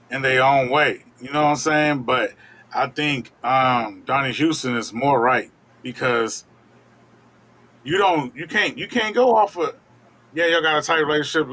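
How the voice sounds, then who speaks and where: A man co-hosting a casual commentary show, weighing both sides in a reasoned, measured way. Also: medium pitch, a bit bright.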